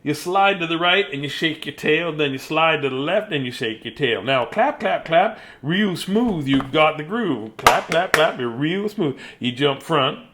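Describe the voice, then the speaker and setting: A middle-aged man reads a children's bedtime story in a goofy, chatty way. His voice sits a little high and leaps around in pitch. He breaks into sing-song noises and silly asides. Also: expressive, a little slow, hardly any pauses, pushed and bright, slight background noise. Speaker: storybook reader. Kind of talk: playful bedtime story reading.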